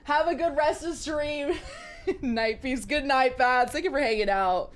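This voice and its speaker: A woman's voice: high-pitched, moderate pace. A young woman streaming live, reading a romance novel aloud to her chat with giggly, chatty asides.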